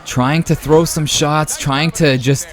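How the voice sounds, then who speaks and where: Male channel host, casual and excitable play-by-play of a boxing video game, friendly bro-style banter. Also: fairly high pitch, slow. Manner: excitable, jumps to loud exclamations at big moments; casual, says "man" and "brother". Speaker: YouTube sports host.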